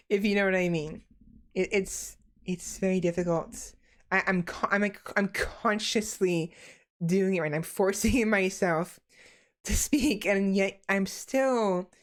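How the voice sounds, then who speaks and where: Young woman streamer, slow deliberate speech. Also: medium pitch. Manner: naturally fast talker deliberately slowing down to enunciate; sighs and laughs often between phrases. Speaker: VTuber streamer. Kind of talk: casual stream chat.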